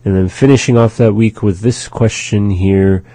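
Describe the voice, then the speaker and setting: Man, low voice, mellow tone, slow patient teaching, dry sound. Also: fairly even intonation, dry recording. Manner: patient, repeats phrases slowly for learners. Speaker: language teacher on a radio show. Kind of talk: slow, repetitive language lesson.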